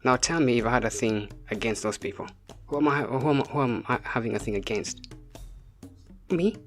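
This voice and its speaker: A man's voice: mid-range voice, moderate pace, soft background music. A man giving an impassioned spoken message as a spiritual teacher, repeating rhetorical questions. He is from Africa.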